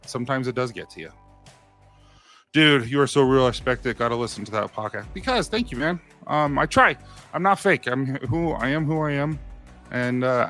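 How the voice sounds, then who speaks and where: A man's voice: medium pitch, pushed and bright. A man in his thirties hosting a live stream, telling stories in a casual, earnest, rambling way with frequent restarts. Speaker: live stream host answering viewer comments.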